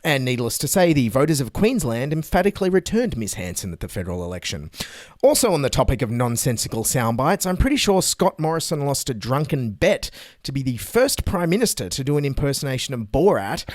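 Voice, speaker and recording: A man's voice: mid-range voice, sing-song, a little fast, no room sound. A man with an Australian accent hosting a podcast, reading comedic scripted narration with dry sarcasm. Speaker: podcast host.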